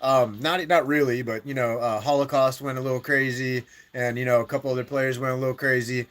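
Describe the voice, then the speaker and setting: A man's voice: medium pitch, fairly even intonation, fairly quick, fairly bright tone. A man streaming a mobile war game, talking strategy in a rambling way with many fillers and restarts. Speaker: gaming live streamer. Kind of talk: casual strategy chat.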